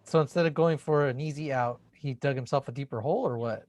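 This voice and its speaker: A man's voice: mid-range voice, fast talker, darkish tone, dry recording. A man co-hosting a casual podcast, answering with short, wry remarks and laughing along. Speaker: podcast co-host. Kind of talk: casual chat. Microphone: remote call mic.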